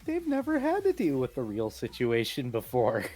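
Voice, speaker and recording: A man running a tabletop game as game master, narrating animatedly and jumping into shouted character voices. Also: mid-range voice, wildly swooping pitch, normal speed, faint music behind. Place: home streaming setup.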